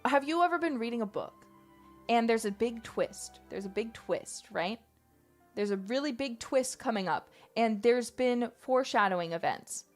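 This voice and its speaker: A woman streamer ranting in casual, animated talk, emphatic and swearing freely. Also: fairly high pitch, normal speed, soft background music.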